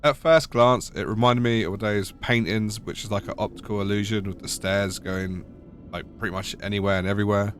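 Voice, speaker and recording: A man's voice: lowish voice, steady tone, brisk, a bit bright, faint music behind. A British man narrating a gaming video voice-over with wry, sarcastic humour. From United Kingdom. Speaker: gaming YouTuber.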